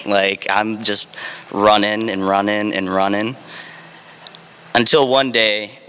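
A man's voice: lowish voice, steady tone, slow pace, pauses often, sharp tone, smooth, big-room sound. A man, a former Marine, candidly telling his own story with fillers and dry, self-deprecating humor.

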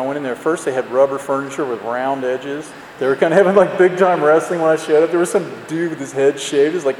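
A man's voice: medium pitch, a little mellow. A man telling a candid, self-mocking personal story to an audience, rambling with lots of fillers. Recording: roomy hall, faint background noise.

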